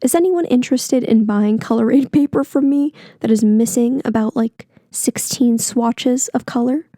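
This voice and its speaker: Chatty young woman podcaster, mellow tone. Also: on the high side, normal speed, dry recording, clean studio sound. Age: 20s. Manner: chatty, rambling, gets heated and swears. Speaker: podcast host. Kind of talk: casual solo podcast chat. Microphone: close podcast mic.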